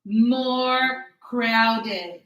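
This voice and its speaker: Slow, encouraging woman teaching a class. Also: a little high, fairly bright tone, roomy sound, poor audio. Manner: encouraging, checks understanding with tag questions; slow, drawn-out words for teaching. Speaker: English teacher. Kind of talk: classroom grammar lesson.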